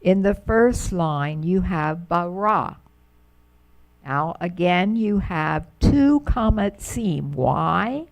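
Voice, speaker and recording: A woman's voice: fairly low pitch, expressive, vocal fry. A middle-aged woman teaching Hebrew grammar to a class, pronouncing words patiently and drawing them out. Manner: patient, drawn-out pronunciation of words. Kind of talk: slow, careful classroom explanation.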